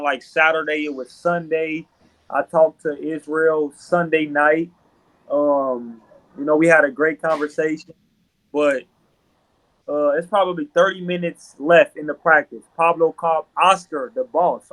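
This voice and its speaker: A man in his thirties, a pro basketball player, recounts stories with lively animation in a relaxed interview. His voice sits a bit high for a man, and he keeps checking in with his listener. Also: low-quality recording. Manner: animated, repeats "you know what I mean". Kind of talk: casual storytelling interview.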